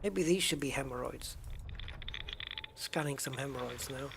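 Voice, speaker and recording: A man's voice: mid-range voice, unhurried, vocal fry, very noisy. A British man in his fifties with a British accent, chatting casually and rambling with jokey asides while he plays a space game. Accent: British English. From United Kingdom. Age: 50s. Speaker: gaming streamer.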